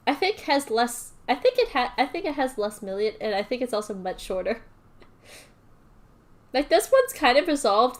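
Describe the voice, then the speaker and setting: Giggly, excitable young woman streamer. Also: on the high side. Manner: giggly, excitable, self-mocking. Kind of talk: casual livestream commentary.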